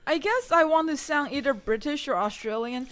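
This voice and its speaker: A woman's voice: sits high, lively intonation, normal speed, fairly bright tone. A young woman co-hosting a casual podcast, talking in a hesitant way and stopping to search for words. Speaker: podcast co-host. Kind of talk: casual chat.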